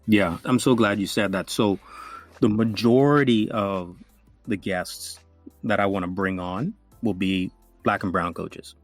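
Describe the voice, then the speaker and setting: A man who hosts a podcast, speaking earnestly and warmly inviting guests to join. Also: fairly low pitch, a little slow, no echo, faint music behind. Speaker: podcast host. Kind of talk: casual podcast chat.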